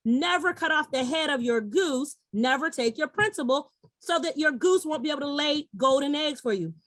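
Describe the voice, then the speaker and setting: Upbeat high-voiced woman pitching an investment. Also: moderate pace, a bit bright, no room sound. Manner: upbeat, coaxing, addresses audience directly. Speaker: investment webinar presenter. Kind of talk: persuasive sales pitch.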